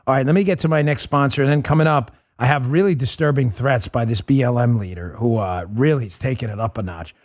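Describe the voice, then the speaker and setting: A man hosting a political talk show, talking in a fast, combative, sarcastic way. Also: mid-range voice, a little mellow. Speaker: host.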